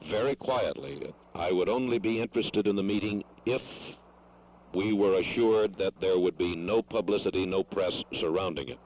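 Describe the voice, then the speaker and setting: A man making a formal phone call, choosing his words carefully and pausing with hesitations. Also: deep voice, darkish tone. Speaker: caller. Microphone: telephone.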